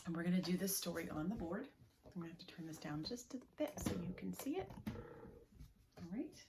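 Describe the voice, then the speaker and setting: A woman reading a picture story aloud to preschoolers at a library, in a sing-song, animated way that invites the children to join in. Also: on the low side, brisk, creaky, reverberant, noisy background. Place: library room.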